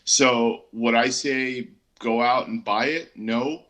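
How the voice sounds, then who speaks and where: A man's voice: medium pitch, steady tone, slow pace, pushed and bright. Easygoing man reviewing comics. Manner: easygoing, hesitant, lots of ums and restarts. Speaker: comic book reviewer, co-host. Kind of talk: casual chat.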